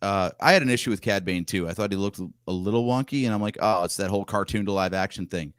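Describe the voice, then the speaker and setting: A man's voice: fairly low pitch, quick pace, clean tone, no echo, clean studio sound. A man co-hosting a casual fan podcast, talking in a chatty, opinionated way. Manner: chatty, opinionated, shares pictures on screen. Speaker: podcast co-host. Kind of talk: casual chat.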